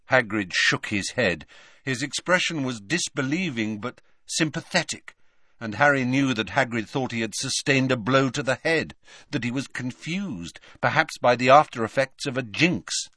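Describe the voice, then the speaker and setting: An audiobook narrator, male, tells a story in scripted narration with an expressive storyteller's delivery. His pitch is medium and his pace moderate, and the recording is clean studio sound with no room echo.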